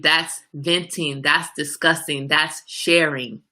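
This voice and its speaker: A woman with a low, gravelly voice chats on a livestream. Her tone is bright and edgy as she talks back to viewers by name. She is animated and casual. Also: moderate pace. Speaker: livestream host. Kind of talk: casual chat reading viewer comments.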